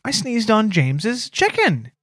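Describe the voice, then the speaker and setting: A man's voice: sits high, wildly swooping pitch, unhurried, fairly bright tone, no room sound, studio quality. A man co-hosting a comedy podcast, telling stories with mock-prim hesitation and many fillers. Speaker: podcast co-host. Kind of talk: casual comedic banter.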